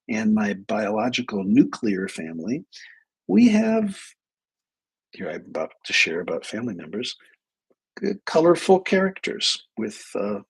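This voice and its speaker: A middle-aged man hosting a live advice stream, telling a story from his clinical work with animated asides. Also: lowish voice, gravelly, husky. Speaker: host, clinician.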